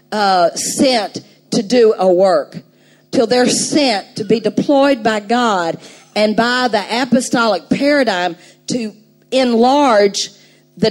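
Older woman preacher, slightly high voice, slow and emphatic storytelling delivery. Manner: storytelling, animated and emphatic with laughter. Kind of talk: sermon.

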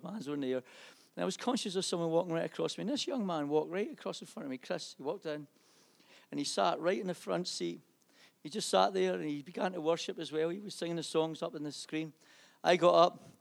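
A man preaching in a church, sharing a testimony from the pulpit. His voice sits a little high and carries a gravelly edge. He swings between loud fervour and quiet, intimate moments. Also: quick pace. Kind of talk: sermon with personal testimony.

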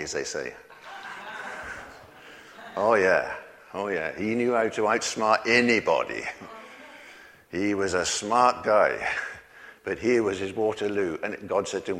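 A man's voice: fairly low pitch, expressive, unhurried, long pauses, a bit bright. A man preaching a sermon in a folksy way, chuckling often and asking the congregation questions. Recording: long hall reverb.

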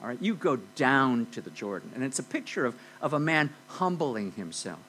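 A man preaching a sermon, telling a Bible story in a lively, conversational way and checking in with "okay?" often. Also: mid-range voice, moderate pace, a little hiss or hum, poor audio. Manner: animated storytelling with frequent "okay?" and "you know".

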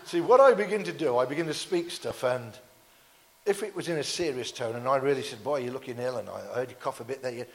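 Lively, jokey male preacher. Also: medium pitch, fast, in a large hall. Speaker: pastor. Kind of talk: sermon. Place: church.

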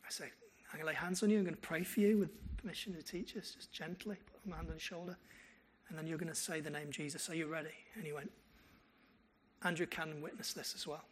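A man's voice: fairly high pitch, quick pace, a little hiss or hum. A male pastor, preaching a sermon and telling stories with quoted dialogue. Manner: animated storytelling with quoted dialogue.

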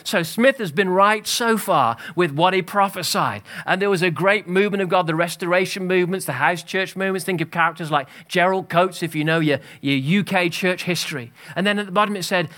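A man preaching a sermon as pastor, energetic and exhorting, calling out to the congregation. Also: high-pitched, fairly quick, few pauses. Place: church hall.

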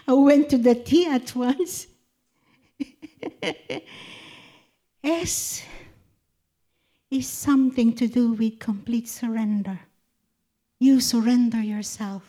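Tearful woman sharing her faith, high voice, talks super slow, fervent. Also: mellow. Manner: fervent, tearful, breaks into laughter. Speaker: speaker sharing a Christian testimony. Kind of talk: emotional devotional testimony.

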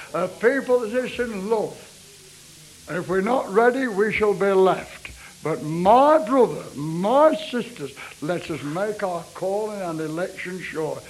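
A man's voice: sits high, lively intonation, measured pace, low-quality recording. A man preaching a fervent revivalist sermon, repeating his refrain and breaking into tongues.

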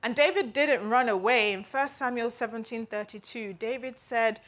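A woman's voice: on the high side, moderate pace, hardly any pauses, fairly bright tone. A woman giving a conversational Bible teaching in an earnest, chatty way, often checking in with "right?". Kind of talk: conversational devotional talk.

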